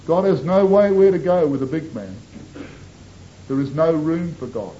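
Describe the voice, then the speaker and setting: A man preaching a sermon to a congregation, impassioned, swinging between soaring lines and hushed asides. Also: animated, moderate pace. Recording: dull lo-fi tape with faint rumble.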